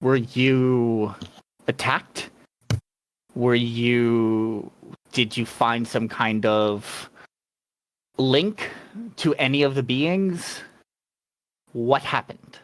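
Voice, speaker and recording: Game master as steady authoritative woman leader, firm, questioning, unhurried. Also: medium pitch, dry recording. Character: calm authoritative woman mentor.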